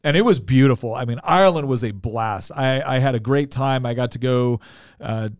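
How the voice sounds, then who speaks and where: A man's voice: medium pitch, moderate pace, clean tone, no room sound, studio quality. An American man in his forties, chatting as podcast co-host and telling stories with lots of fillers. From United States. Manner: rambling storyteller, many fillers and restarts. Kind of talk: casual chat.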